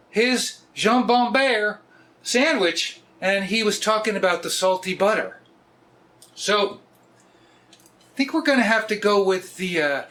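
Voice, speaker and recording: A man, hosting a casual cooking vlog in a joking, often loud way. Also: high-pitched. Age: 60s. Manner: jokey, often laughs and raises his voice. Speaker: cooking video host.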